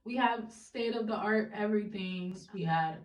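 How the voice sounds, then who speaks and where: Recorded on a distant mic with roomy sound, a young woman from Ohio, interviewed casually as a guest, speaks a little slowly at medium pitch. Her manner is frank and lively, with free swearing and laughter between points.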